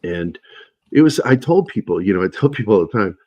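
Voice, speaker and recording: A middle-aged man telling animated stories in a casual livestream chat, his voice husky and low. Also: a little fast, no room sound. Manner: animated anecdotes, shouting in quoted lines. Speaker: guest.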